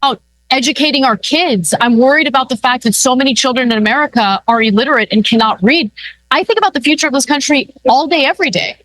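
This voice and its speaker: A woman's voice: high-pitched, fast, a bit bright, dry recording, poor audio. Earnest woman in a dry clip. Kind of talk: earnest debate talk.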